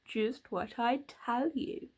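A woman voicing a cheerful, lonely male snowman in a storybook reading, with a soft, snowy sort of voice and an eager, chatty manner. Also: on the high side, fairly even intonation, takes it slowly, breathy edge. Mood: calm.

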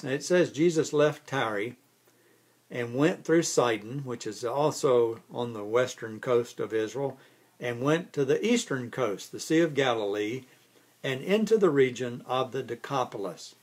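A man's voice: medium pitch, darkish tone. A man pastor giving a casual, conversational Bible study, often restarting words and chuckling lightly as he explains.

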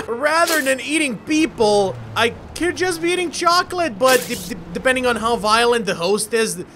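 A man commenting energetically on his own gameplay, often shouting and laughing as he plays. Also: extremely high pitch. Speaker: gaming YouTuber. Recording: music playing behind.

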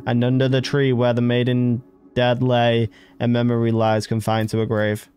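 A man commentating a horror game as he plays, excitable and jokey, reading the game's text aloud. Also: medium pitch, moderate pace, soft background music. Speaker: gamer. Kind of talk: let's play commentary.

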